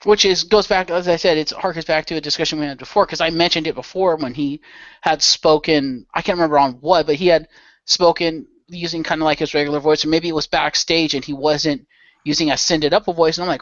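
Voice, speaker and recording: A man's voice: on the high side, fairly even intonation, fairly quick, fairly bright tone, no room sound. A man chatting on a podcast panel, giving opinionated rants and swearing freely. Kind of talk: casual podcast chat. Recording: dull lo-fi dry sound.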